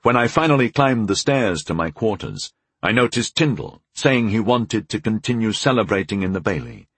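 A man with a low, husky voice reads a first-person fantasy tale in a measured, gently wry manner. The recording is dry and close, with no room sound. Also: dry recording. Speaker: audiobook narrator.

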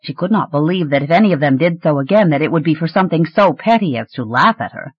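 An audiobook narrator reading a fantasy novel with an expressive, shifting delivery. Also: fast, slightly rough, dry recording. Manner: expressive, shifting pitch through the story. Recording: dry, slightly dull recording.

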